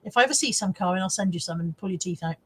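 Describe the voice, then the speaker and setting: A woman's voice: medium pitch, lively intonation, very fast, husky. Chatty, swearing woman. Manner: chatty, laughs often, swears freely. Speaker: live-stream host reading viewer comments. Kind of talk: casual live-stream chat.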